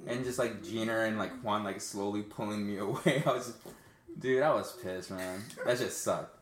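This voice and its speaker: A man's voice: lowish voice, normal speed, a little hiss or hum. A young man telling a profane, slangy story in casual chat as a podcast host, with lots of "dude" and "man". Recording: roomy echo.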